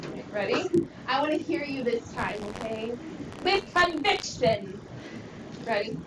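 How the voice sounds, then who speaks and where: A woman's voice: fairly high pitch, brisk, heavy background noise. A woman teaching a Greek class, leading students through pronunciation drills with encouraging call-and-response. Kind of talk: classroom lesson. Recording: echoey classroom from far off.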